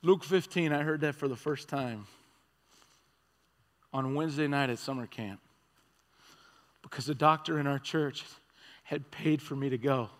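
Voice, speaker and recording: A man preaching a sermon as a conversational story, swinging from excited and loud to hushed and quiet. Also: medium pitch, measured pace, pauses often. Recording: long reverb of a large hall.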